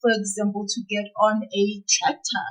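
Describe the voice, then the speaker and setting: A woman's voice: mid-range voice, monotone, normal speed, fairly bright tone, low-quality recording. A woman teaching a children's isiZulu vocabulary lesson, speaking patiently and repeating each word so learners can copy her. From South Africa. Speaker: isiZulu language teacher for kids.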